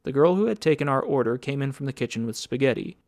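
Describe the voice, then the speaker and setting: A man reading an audiobook in a steady, even scripted narration. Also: medium pitch, fast talker.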